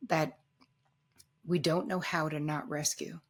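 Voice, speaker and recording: A woman therapist hosting a podcast interview, speaking thoughtfully with halting restarts. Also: low voice, fairly even intonation, husky.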